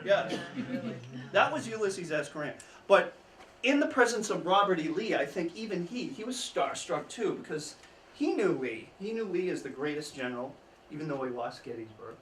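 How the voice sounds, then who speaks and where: A man's voice: on the high side, normal speed. Man telling history in an echoey room. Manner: storytelling, chuckling asides, lively emphasis. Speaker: history speaker. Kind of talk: informal history talk to an audience. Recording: echoey room, mic at a distance, faint background noise.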